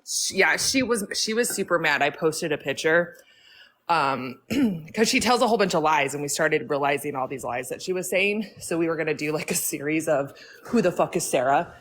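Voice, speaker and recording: A woman's voice: sits low, lively intonation, moderate pace, a bit bright, a little hiss or hum. A woman chatting on a livestream, gleeful and profane, with laughing asides. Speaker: livestream guest. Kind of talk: casual livestream chat.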